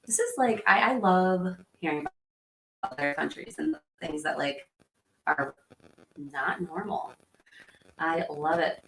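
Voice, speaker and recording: A woman's voice: low voice, slow pace, creaky, long pauses. A woman in her thirties hosting a livestream, chatting casually and rambling as she answers viewer comments. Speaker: livestream host. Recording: echoey room with faint background hum.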